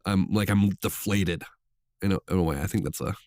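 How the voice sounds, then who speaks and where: A man's voice: low voice, a little fast, darkish tone, dry recording, studio quality. A man co-hosting a podcast while a little under the weather, talking in a loose, reflective, hesitant way with many fillers. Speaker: podcast co-host. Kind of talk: casual podcast chat.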